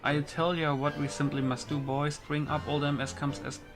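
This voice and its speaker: Gruff menacing pirate boss as a guy reads along, rough put-on accent, game music under it. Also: fairly high pitch, level tone, normal speed, natural voice. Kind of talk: reading game dialogue aloud.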